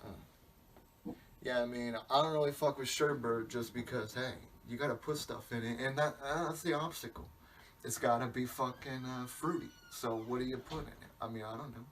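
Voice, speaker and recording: Speaking at a normal speed in a mid-range voice with a bit of brightness, a male podcast host wanders through a comic monologue. He's profane and keeps interrupting himself. The audio has a distant-mic quality and faint background hiss.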